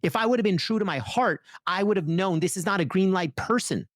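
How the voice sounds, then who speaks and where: A man talking as a podcast guest and author, telling energetic stories with lively voiced asides. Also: high-pitched, brisk, dry recording, studio quality. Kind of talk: conversational interview.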